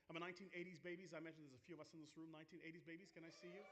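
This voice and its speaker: Bright-voiced South African keynote speaker. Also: male voice, fairly high pitch, steady tone, very fast, few pauses, slight background noise. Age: 40s. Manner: joking, playful, addresses the audience directly. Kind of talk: conference keynote talk.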